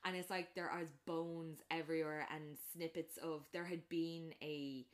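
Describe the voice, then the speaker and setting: A woman chatting casually, retelling a film plot and acting out the characters' lines, with lots of fillers. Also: unhurried. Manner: animated storytelling, acts out characters' lines in a raised pitch; many fillers and restarts.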